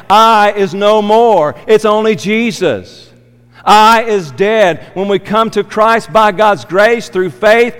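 A man preaching an expository sermon with a smooth, resonant voice, pitched a little above most men. He speaks very slowly and emphatically, repeating key phrases for weight. His voice rings out with the long reverb of a church sanctuary.

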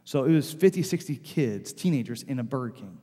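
This pastor's voice is mid-range, mellow and husky, with lively intonation and a brisk pace. He tells stories to his congregation in the sanctuary, keeping the sermon loose, conversational, and heavy on "like," while the hall adds long reverb.

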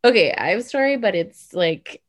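A young adult woman telling a funny story in casual podcast chat, animated and full of "like". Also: medium pitch. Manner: animated, fast, heavy use of "like".

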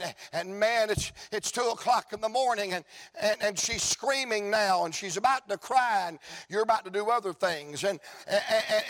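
High-pitched guy preaching in church, fired up, repeats his lines over and over. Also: a bit bright. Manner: fervent, repetitive preaching cadence. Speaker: pastor. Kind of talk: sermon.

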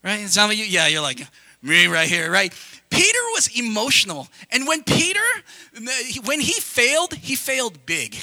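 A young male pastor gives an animated sermon that is full of asides to the congregation. His voice sits very high for a man and sounds bright and sharp. The sound is close and dry. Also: no room sound. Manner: animated, conversational preaching with quick asides to the congregation.

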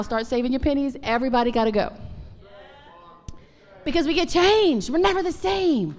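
Woman, pastor, high voice, emphatic testimony sermon, long church reverb. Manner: animated, emphatic preaching with Southern turns of phrase. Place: church sanctuary.

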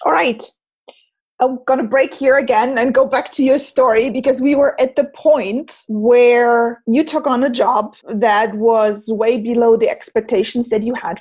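A woman's voice: a little high, a little mellow, breathy edge. A woman with a German accent hosting an interview, talking in a thoughtful, conversational way. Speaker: interview host. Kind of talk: casual conversation.

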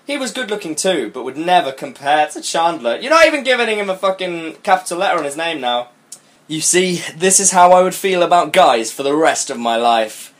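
A man's voice: on the high side, big pitch swings, a little fast. Sarcastic young man reading aloud. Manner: sarcastic, laughing, swearing asides. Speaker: podcast co-host. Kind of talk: mocking dramatic reading of fan fiction.

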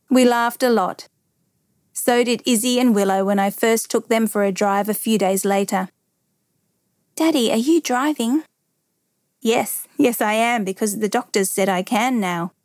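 A woman's voice: medium pitch, dry recording. Woman narrating a memoir, dry close sound. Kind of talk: scripted first-person memoir reading.

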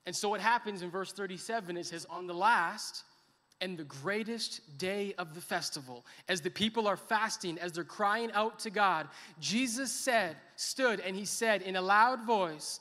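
A male pastor delivers a sermon in a high, bright voice. He builds to fervent, impassioned crying out, then pulls back to quiet, intense emphasis. The sound rings with a long reverb from a large church hall. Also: expressive, moderate pace. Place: church sanctuary.

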